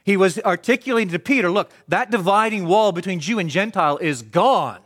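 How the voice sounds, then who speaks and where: High-voiced emphatic male preacher. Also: animated, a little fast. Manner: asks the congregation questions and answers them; emphatic, swings from loud to hushed. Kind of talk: sermon.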